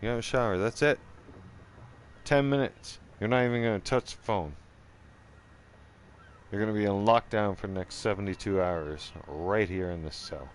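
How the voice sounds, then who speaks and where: A man's voice: lowish voice, moderate pace, long pauses, a little hiss or hum, lightly acted. A Canadian man quoting a stern female prison officer who hands down a punishment.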